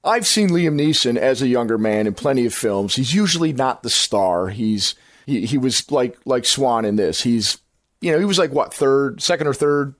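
A man's voice: mid-range voice, animated, normal speed, no echo, clean studio sound. A man hosting a podcast, chatting casually about films in a rambling, enthusiastic way that circles back and corrects itself. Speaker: podcast host. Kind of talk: casual film-review chat.

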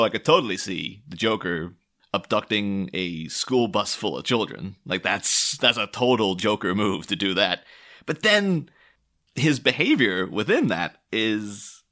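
A man talking casually and at length about film villains, rambling with many fillers and restarts and breaking into animated quoted voices. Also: lowish voice, measured pace. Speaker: film commentator. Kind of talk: casual film analysis talk.

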